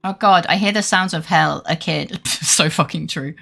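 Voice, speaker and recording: A woman's voice: deep voice, moderate pace, creaky, hardly any pauses, sharp tone, soft background music. Chatty, sweary woman streamer. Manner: chatty, swears freely, laughs often. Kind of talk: casual live-stream chat with viewers.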